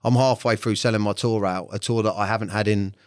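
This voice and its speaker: A man's voice: lowish voice, steady tone, fast talker, no room sound, studio quality. A man, speaking as a podcast guest in a blunt, frank way, swearing freely and often stopping to restart his sentences. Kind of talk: candid interview talk.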